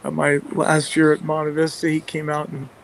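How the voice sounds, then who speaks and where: A male football coach with a gravelly, somewhat high voice tells rambling stories about his staff, with plenty of fillers and restarts. His pitch stays flat and even, and a faint hiss sits under the recording. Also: moderate pace, rough recording. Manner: rambling, many fillers and restarts, chuckles often. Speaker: football coach and play caller. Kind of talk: casual anecdotes in a radio interview.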